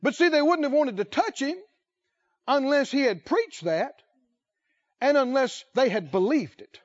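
A man preaching a sermon, speaking slowly and emphatically, drawing out key words and putting questions to the congregation. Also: very high voice, lively intonation, dull audio.

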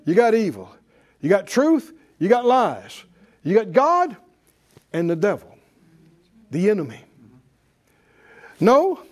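High-voiced preacher guy, swoops all over, slow and punchy, keeps asking the crowd questions. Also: darkish tone. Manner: call-and-response preaching, emphatic repetition. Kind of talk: sermon. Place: church with congregation.

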